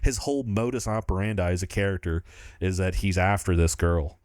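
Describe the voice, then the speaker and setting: A man's voice: low-pitched, a little fast, darkish tone, no echo, clean studio sound. A man co-hosting a film podcast, talking casually and enthusiastically, rambling and laughing often. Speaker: podcast co-host.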